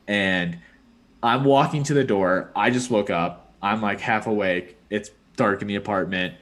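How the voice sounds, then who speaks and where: A man's voice: lowish voice, a little slow, fairly bright tone. A young man, a podcast host, telling a long rambling story in casual chat, full of "like" and "dude".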